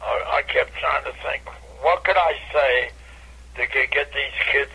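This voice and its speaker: An older man, a comedian, telling animated stories from his career in a casual radio interview over a phone line. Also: a little slow, gravelly, slightly rough. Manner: animated anecdote teller, bursts into high catchphrase. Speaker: comedian guest.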